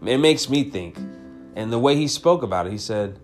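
Guy doing a heartfelt faith podcast, repeats himself for emphasis, quiet guitar in the back. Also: mid-range voice, expressive, normal speed. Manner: earnest and emotional, repeating phrases for emphasis. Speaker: podcast host. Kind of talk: devotional podcast talk.

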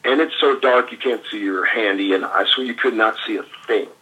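A man's voice: on the low side, brisk, bright, forceful tone, slightly rough, rough recording. An older man, a former pro wrestler, animatedly telling anecdotes in a casual interview with laughs and fillers.

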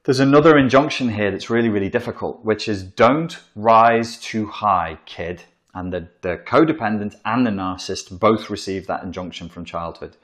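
A man with a lowish voice talks fairly quickly, barely pausing, in an informal psychology lecture. Blunt and profane, he writes on a board as he goes and acts out the voices he quotes.

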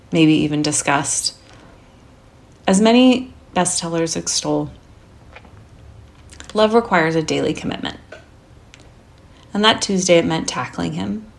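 A woman author reading her own first-person short story in a soft, intimate way, at times dropping almost to a whisper. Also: low-pitched, vocal fry.

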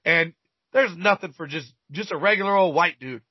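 A man's voice: fairly high pitch, moderate pace, husky, no room sound. A man chatting casually, telling a rambling, profanity-laden story and stumbling over repeated words. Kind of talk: casual chat, crude storytelling. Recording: dull lo-fi recording.

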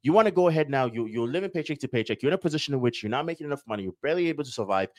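A male podcast host talking through a motivational monologue in a mid-pitched voice. He lectures in a preachy way, jokes around and slips into quick acted-out exchanges with imagined people. The sound is dry and close, with no room around it. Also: lively intonation, dry recording. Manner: preachy, joking, acts out little dialogues.

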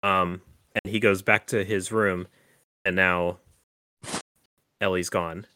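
Rambling through a casual recap of a horror film, this podcast host fills his talk with "like" and "um." His deep voice is bright and forceful yet flat in delivery, slow in pace, and recorded dry.

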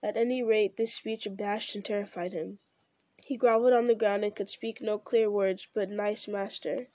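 A woman narrating a story in a measured, even audiobook reading. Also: medium pitch, dry recording. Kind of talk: scripted narration.

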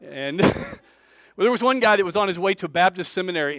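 Preacher, male, high-pitched, animated storyteller with big swings in volume, dry close sound. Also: quick pace, dry recording. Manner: lively storyteller with big swings in loudness, acting out quoted voices. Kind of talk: storytelling sermon.

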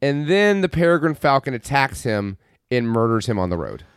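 A man's voice: medium pitch, very animated, normal speed, clear, resonant tone, no room sound, clean studio sound. A man co-hosting a podcast, sarcastically recapping a movie with profane jokes. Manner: profane, sarcastic storytelling with mocking quoted voices. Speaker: podcast co-host. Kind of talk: casual chat, movie recap.

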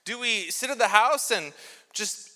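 A man preaching a sermon as pastor in a church, telling lively jokey stories with props. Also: sits high, measured pace. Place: large church sanctuary. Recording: long church hall reverb.

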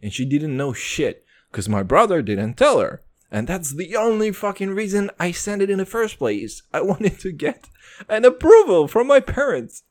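A young man from Israel hosting a casual solo podcast, rambling and joking with constant swearing and sudden pitch jumps. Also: big pitch swings, moderate pace, a little mellow. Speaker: podcast host.

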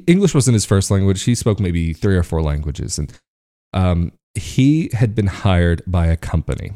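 A man's voice: sits low, warm tone. A man from the United States talking casually to camera as a video host, chatty and often laughing between points.

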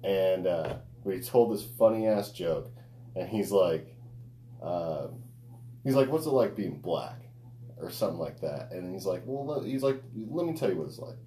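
A man's voice: low voice, lively intonation, unhurried, mellow, echoey room, a little hiss or hum. A man co-hosting a podcast, chatting loosely and swearing as he retells a joke. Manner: loose, profane storytelling with laughter. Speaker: podcast co-host. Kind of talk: casual podcast chat.

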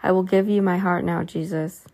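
A woman's voice: fairly low pitch, steady tone, normal speed, warm tone. A woman reading the lines of a damned woman who begs to be let out of the flames, in a storybook reading. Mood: pleading. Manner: pleading.

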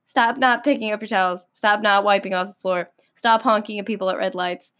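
A young woman hosting a solo podcast, ranting in an exasperated, animated way with many fillers. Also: mid-range voice, a little fast. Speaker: podcast host.

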